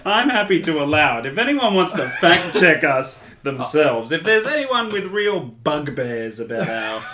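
A man's voice: fairly high pitch, big pitch swings, a little slow, a crowd in the background. A man co-hosting a podcast in casual chat, amused and teasing, laughing often, in a roomy-sounding recording. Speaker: podcast co-host. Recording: roomy echo.

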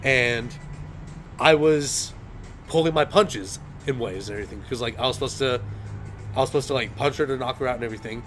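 A young male podcast host chatting casually, rambling through a story with a steady stream of "and everything". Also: mid-range voice, brisk, soft background music. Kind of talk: casual chat.

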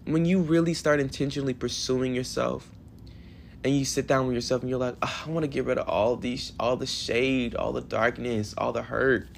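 A man in his twenties hosting a solo podcast in a hotel room, talking in an emotional, affirming way with animated bursts. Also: medium pitch, normal speed, creaky, a little hiss or hum. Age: 20s. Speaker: podcast host.

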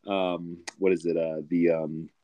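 A young man hosting a casual podcast, laid-back and full of "dude" and "brother." His voice sits a little low. The sound is close and dry, with no room around it. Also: level tone, measured pace, dark tone, no echo, highs cut off. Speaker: podcast host. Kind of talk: casual chat.

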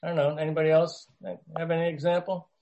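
A man leading a group discussion and telling a story casually, halting, with many fillers and restarts. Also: a little high, level tone, mellow, slight background noise.

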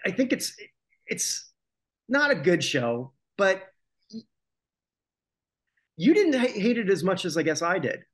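His voice sits high, swings widely in pitch, and has a fairly bright tone with a breathy edge. Talking a little slowly with long pauses, this podcast co-host rambles and jokes about old TV, often restarting and correcting himself.

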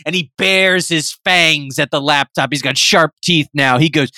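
A man's voice: fairly high pitch, normal speed, few pauses, pushed and bright, no room sound. A man co-hosting a comedy podcast, narrating an absurd story in a playful way. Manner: playful, breaks into laughter while narrating. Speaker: podcast co-host.

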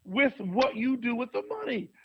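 A man who is a pastor, telling stories as an interview guest in an animated way, laughing often. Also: extremely high pitch, normal speed, husky, no room sound, dull audio.

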